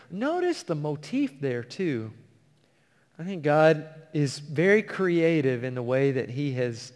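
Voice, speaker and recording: A man preaching a sermon, reading scripture slowly and earnestly and explaining it to a congregation. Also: fairly high pitch. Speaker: pastor. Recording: long hall reverb.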